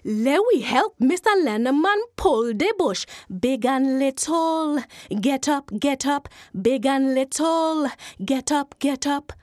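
A woman's voice: very high voice, bright, forceful tone, no room sound, studio quality, pitched above the performer's own voice, full character voice. A woman voicing a crowd of ghosts in a rhythmic chant. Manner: rhythmic chanting, call and response. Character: chanting ghostly Caribbean Jumbie spirits.

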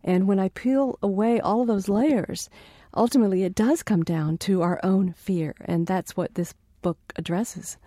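A woman's voice: mid-range voice, moderate pace, dark tone, no room sound, clean studio sound. A woman author answering interview questions in an earnest, reflective way. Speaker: author guest.

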